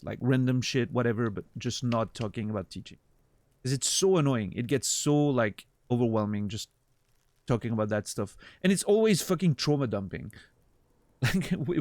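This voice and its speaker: A man's voice: medium pitch, darkish tone, dry recording. A young man streaming a game, chatting casually with viewers, swearing and laughing often. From Switzerland. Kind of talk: casual gameplay chat with viewers.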